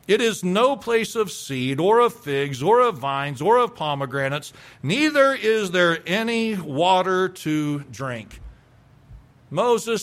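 A man with a somewhat high voice preaches a sermon. He reads scripture and keeps turning to his listeners with rhetorical questions. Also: fairly bright tone. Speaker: pastor.

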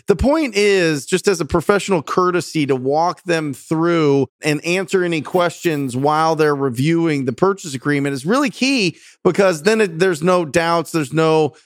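A man's voice: fairly high pitch, no room sound, clean studio sound. A man hosting an interview, enthusiastic and coaching, praising his guest and asking about his methods. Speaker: host interviewing a real estate wholesaler. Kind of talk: conversational interview.

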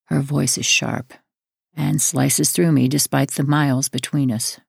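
A woman narrating a first-person memoir audiobook in a measured, plain storytelling way. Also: extremely low pitch, steady tone, vocal fry, slightly rough, no echo, studio quality.

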